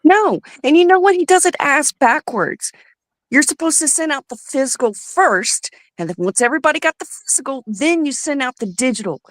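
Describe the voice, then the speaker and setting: A woman's voice: sits high, lively intonation, moderate pace, dry recording. A woman co-hosting a talk show, ranting angrily and profanely with heated outbursts. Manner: profane, heated, shouting bursts. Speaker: podcast co-host. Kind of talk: angry ranting commentary.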